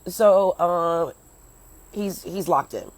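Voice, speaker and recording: A young American comedian rambles through a story on a livestream, holding her phone at arm's length at home, partly outdoors. She swears freely and stops to chat with viewers. Her voice is lowish and very slow, and the recording is rough.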